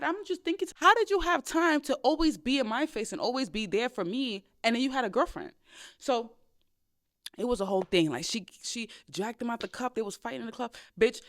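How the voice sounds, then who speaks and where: A young woman hosts a chatty podcast and tells her dating stories quickly. Her pitch leaps up for loud exclamations and drops low for muttered asides. Her delivery is casual and unfiltered. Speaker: podcast host. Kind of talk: casual storytelling chat.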